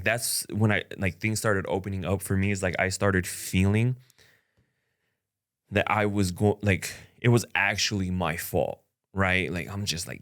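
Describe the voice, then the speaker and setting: A man's voice: deep voice, a bit bright. A young man talking frankly and at length about a breakup in a casual vlog, rambling with many fillers. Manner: rambling, frank, full of "like" and "you know". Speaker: content creator. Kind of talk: candid personal vlog talk.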